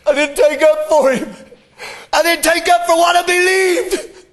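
A preacher voicing a guilt-stricken Peter. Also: male voice, very high-pitched, fairly even intonation, unhurried, voice pushed up. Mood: remorseful. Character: remorseful apostle Peter, a grown man confessing.

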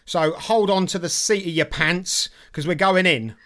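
A man's voice: high voice, unhurried, heavy background noise. Jokey man, casual podcast chat. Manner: chatty and jokey, laughs often. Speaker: podcast co-host.

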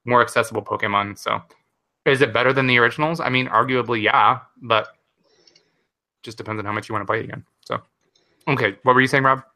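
Give me a young man co-hosting a casual podcast chat. His voice is very bright and forward. He rambles animatedly, laughs often and shoots up high when something excites him. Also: fast. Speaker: podcast co-host.

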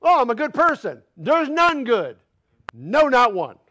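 A man preaching in a church with a strikingly high voice that swoops widely as he presses each point. He slows down to drive lines home, talking in a plain folksy way with rhetorical questions. His delivery stays passionate and emphatic throughout. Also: big pitch swings. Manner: passionate, emphatic, rising to loud declarations. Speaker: pastor. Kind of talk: sermon. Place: church sanctuary.

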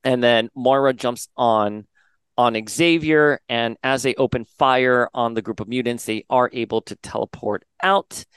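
A man's voice: medium pitch, steady tone, measured pace, fairly bright tone, smooth, dry recording. A man hosting a podcast, casually recapping a comic story and paraphrasing the characters' lines in a chatty way. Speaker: podcast host.

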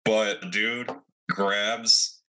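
A man's voice: fairly low pitch, fairly even intonation, extremely slow, pushed and bright, low-quality recording. A young man narrating a tabletop game as game master in a laid-back way. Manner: laid-back, narrates and voices non-player characters.

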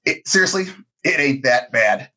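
A middle-aged man co-hosting a casual chat, telling a story in an animated, self-mocking way and acting out the quotes. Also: medium pitch, normal speed. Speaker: podcast co-host.

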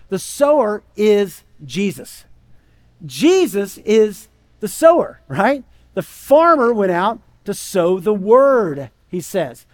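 A man preaching a sermon in a conversational way, often checking in with "right?" and acting out the voices he quotes. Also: high-pitched. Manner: conversational, keeps asking "right?". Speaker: pastor.

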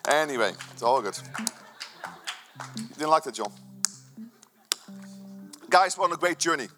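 A man's voice: a little high, animated, unhurried, music in the background. A man preaching a sermon to his church, enthusiastic and rambling, with frequent restarts. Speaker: pastor.

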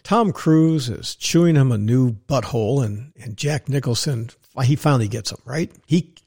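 A man's voice: normal speed, vocal fry. An older man hosting a podcast, talking bluntly and ranting in a solo monologue, mocking others now and then. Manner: blunt, ranting, animated, mocks others in put-on high voices. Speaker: podcast host. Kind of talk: opinionated solo talk.

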